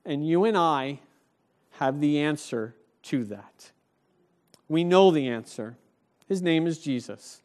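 A man's voice: on the high side, animated, slow pace, long pauses, a little mellow. A man preaching a sermon, retelling a story and driving home each point with emphasis. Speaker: pastor.

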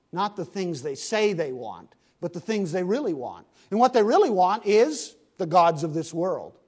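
A man preaching a sermon, swinging between hushed lines and loud, emphatic bursts. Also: high-pitched.

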